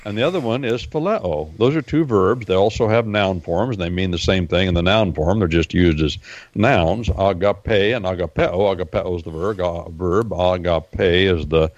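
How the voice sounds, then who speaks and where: A low-pitched man holds forth on a talk radio show, circling back to his points and filling gaps with "uh". His voice comes through dull and lo-fi, with a dry sound and no room echo. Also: moderate pace. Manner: explanatory and repetitive, with many fillers. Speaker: regular Bible-history guest.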